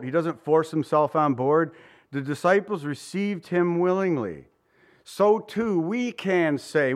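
A middle-aged man preaching a sermon in a conversational way, acting out quotes as he goes. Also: on the high side. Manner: conversational, dramatizes voices and quotes.

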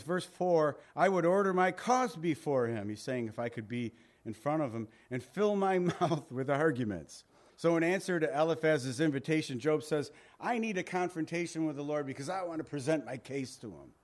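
Male pastor, a touch higher-pitched, talks through scripture conversationally. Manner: conversational, reads scripture aloud and paraphrases it. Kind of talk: Bible teaching sermon.

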